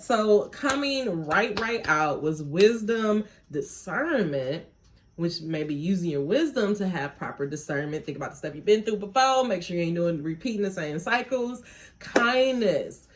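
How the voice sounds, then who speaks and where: A woman's voice: mid-range voice, sing-song, normal speed, a little hiss or hum. A woman giving a casual spiritual tarot reading on her phone, chatty and prayerful, with frequent laughing asides. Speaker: tarot reader.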